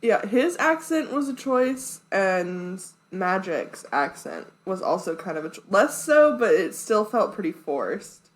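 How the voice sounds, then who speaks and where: A woman co-hosting a casual podcast chat. She talks loosely and chattily, full of "like" and dry little quips, at an ordinary pitch and pace. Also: sing-song, unhurried, rough recording. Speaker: podcast co-host.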